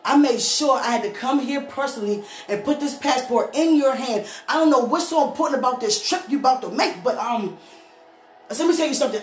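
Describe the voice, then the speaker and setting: A woman preacher giving a lively, storytelling testimony, laughing often as she speaks. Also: a little high. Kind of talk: church testimony sermon. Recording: echoey room with faint music.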